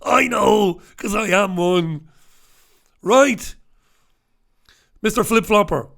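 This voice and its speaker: A man from the north of England hosts a newspaper review, ranting bluntly and throwing in swear words. His voice sits somewhat high with a gravelly rasp. He talks close into the microphone. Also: slow pace, a bit bright. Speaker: radio host. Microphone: talking close into two microphones.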